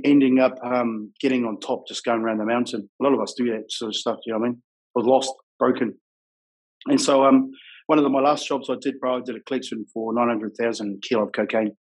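A middle-aged man with a New Zealand accent and a husky, slightly breathy voice at a mid pitch. He talks plainly and frankly in a rough-edged, casual way, dropping "bro" into nearly every thought. It sounds like an interview guest speaking candidly. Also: darkish tone, rough recording. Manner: rough-edged, frank, says "bro" and "you know what I mean" often. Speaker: guest telling his life story. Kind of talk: casual storytelling.

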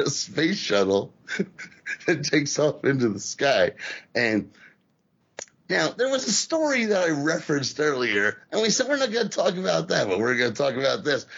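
A man chats on a podcast in a gravelly, slightly husky voice. His pitch jumps all over as he tells stories and mimics people, dropping swear words as he goes. The audio is a little dull and lo-fi. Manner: animated, swears a lot, acts out quoted voices. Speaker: podcast co-host. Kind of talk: casual profane wrestling podcast chat.

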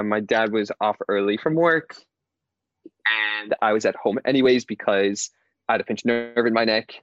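A man's voice: on the low side, a bit bright, no room sound, lo-fi sound. A young man from Indiana, a podcast guest telling a personal story in a casual, chatty way, with lots of "like" and frequent laughter. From Indiana, USA. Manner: chatty, heavy use of "like", laughs often while telling.

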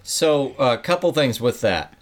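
A man's voice: mid-range voice, big pitch swings, a little slow. A man co-hosting a casual talk, searching for words with many fillers and restarts. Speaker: podcast co-host. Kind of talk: casual conversation.

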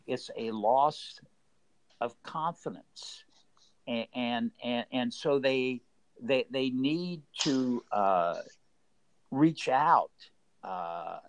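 A man's voice: medium pitch, no room sound, low-quality recording. An older man, a former baseball executive, telling stories earnestly in an interview, often repeating and restarting words. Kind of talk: conversational storytelling.

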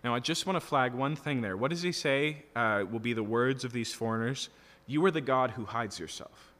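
A man's voice: medium pitch, moderate pace, a bit bright. A male pastor preaching an expository sermon in an earnest, emphatic teaching manner, checking in often with his listeners. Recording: long reverb of a large hall.

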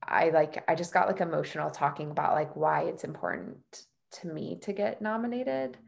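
A woman's voice: low voice, expressive, moderate pace, gravelly. A woman hosting a podcast in a casual, chatty way, full of fillers and self-deprecating laughs. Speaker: podcast host.

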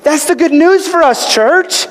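A man's voice: very high voice, a little slow. A male pastor preaching a sermon, emphatic, posing questions and answering them himself. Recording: long hall reverb.

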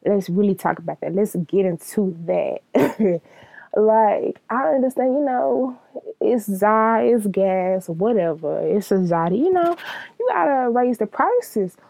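A woman's voice: medium pitch, animated, takes it slowly, creaky, mellow, no room sound, rough recording. A young woman giving a blunt, profane, casual monologue, laughing often.

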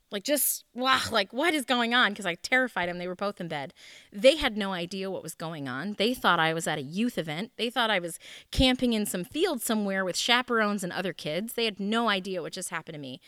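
A woman's voice: medium pitch, a bit bright, dry recording, studio quality. A woman leading a small group, telling a personal story in an earnest, candid, conversational way.

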